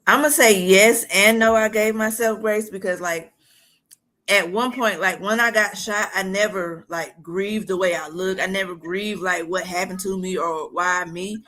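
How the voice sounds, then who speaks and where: Young woman, bright tone, blunt, matter-of-fact, candid. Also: medium pitch, fairly even intonation, unhurried. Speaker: guest, shooting survivor. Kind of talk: candid personal story.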